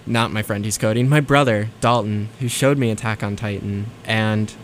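A man's voice: on the low side, fairly even intonation, normal speed, a little hiss or hum. A young man hosting a college radio show, chatting casually and rambling with lots of fillers between songs. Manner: rambling, filler-heavy, self-deprecating.

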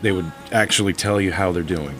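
Low-voiced measured man in chat. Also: a bit bright, soft background music. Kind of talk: casual chat.

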